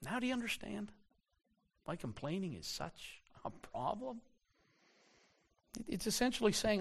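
A middle-aged man preaching a sermon in a high, lively voice. He swings his pitch widely, repeats himself and slows right down to drive a point home. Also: vocal fry, breathy edge. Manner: animated preaching, slows for emphasis, repeats words. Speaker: pastor.

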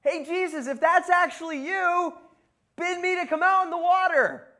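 A man voicing an impulsive, excitable fisherman apostle in a sermon retelling. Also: very high voice, moderate pace, pitched above the performer's own voice, full character voice. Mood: eager.

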